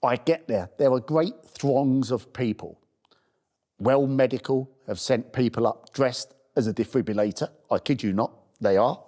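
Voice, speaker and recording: A man's voice: mid-range voice, moderate pace, warm tone. A man earnestly telling a heartfelt personal story in a documentary. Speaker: first-aid campaigner.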